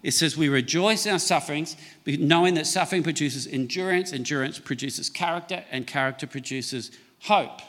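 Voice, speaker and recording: A middle-aged male pastor preaching a sermon, reading scripture slowly for emphasis and calling for amens from the congregation. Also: on the high side, a bit bright, big-room sound. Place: church.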